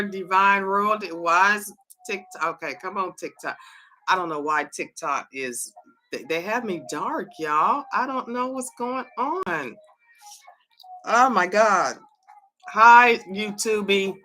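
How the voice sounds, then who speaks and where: A hoarse woman hosts a casual livestream in an unhurried, bright voice. She keeps calling viewers to come on in. Her talk is halting and full of fillers. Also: on the low side, lively intonation, slight background noise. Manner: repeatedly and eagerly calls viewers to join in. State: hoarse, voice cracking. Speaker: livestream host.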